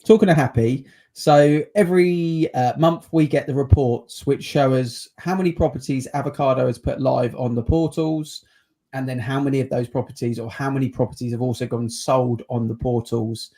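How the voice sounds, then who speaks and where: A man's voice: medium pitch, fairly even intonation, moderate pace, mellow. A man hosting a casual property chat on a video call, chatty and teasing. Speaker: podcast host, estate agent.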